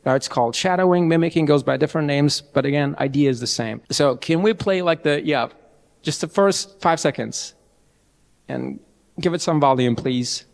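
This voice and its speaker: A young man giving a lively, chatty IELTS training talk to a live audience, often restarting his sentences. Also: a little high, moderate pace, creaky. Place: large event hall. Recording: long hall reverb.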